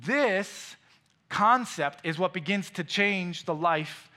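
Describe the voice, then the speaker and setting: A man's voice: sits high, expressive, slow pace, bright, forceful tone. A man preaching a sermon in a conversational, storytelling way, with personal asides and emphatic repetition. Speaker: pastor.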